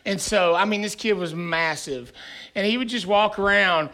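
A male pastor preaching to his congregation, telling a funny story in an animated, self-deprecating way with frequent chuckles. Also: high-pitched, normal speed. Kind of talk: sermon with humorous storytelling. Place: church sanctuary before a live congregation.

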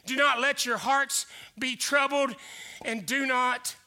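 A male pastor preaching a sermon, building to loud shouted declarations and growing out of breath. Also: extremely high pitch, steady tone, slow. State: getting out of breath.

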